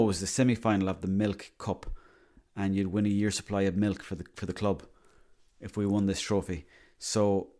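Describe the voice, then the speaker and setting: A man's voice: on the low side, mellow. A man telling a rambling, boastful comic monologue, swearing freely.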